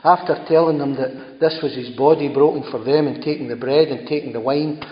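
A man's voice: fairly high pitch, steady tone, brisk. A man preaching a sermon in a conversational, emphatic way, often repeating phrases as he goes. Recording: echoey hall, dull sound.

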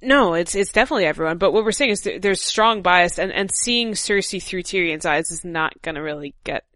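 Young woman, expressive dry-voiced co-host. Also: on the low side, fairly quick, dry recording. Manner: reads passages with expressive dramatic delivery. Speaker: podcast co-host. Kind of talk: casual book discussion, reading passages aloud.

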